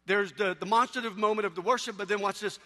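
A man preaching a sermon in a church, telling humorous stories with animated delivery. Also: high voice, fast, in a large hall.

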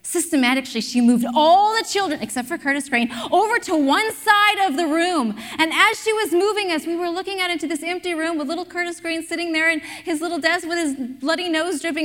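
A middle-aged woman pastor preaching a sermon, telling lively stories and drawing the congregation into call-and-response. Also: high-pitched, a little fast, few pauses, in a large hall.

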